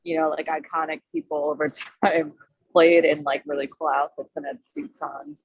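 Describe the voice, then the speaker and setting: A woman's voice: low voice, steady tone, normal speed, breathy edge, dry recording. A woman with a Long Island accent, a drummer chatting casually as a guest on a video call, often laughing as she talks. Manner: laughs while talking, easygoing. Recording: dry, dull video call audio.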